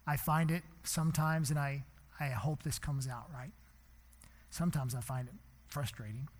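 A man preaching a sermon as pastor in a church, impassioned, swinging between hushed and loud. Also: mid-range voice, fairly even intonation, moderate pace, big-room sound.

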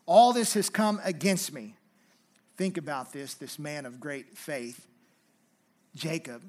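A man delivers a sermon, reading scripture aloud in a fairly high voice. He leans hard on key phrases, then drops into a softer, conversational tone to explain them. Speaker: pastor.

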